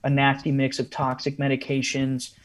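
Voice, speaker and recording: A man's voice: medium pitch, completely flat delivery, moderate pace. A man, a podcast guest, telling a long story in a casual interview style with frequent asides.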